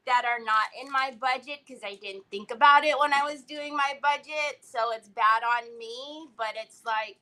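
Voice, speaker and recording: A woman's voice: high-pitched, takes it slowly, pushed and bright. A woman hosting a crafting livestream, chatting casually and greeting viewers by name as she works.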